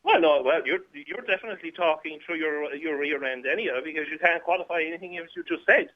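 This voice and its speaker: A man's voice: on the high side, fast talker. A man calling in to a radio show, sarcastic and mocking as he argues. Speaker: caller. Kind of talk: heated radio phone-in argument. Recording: dull phone line.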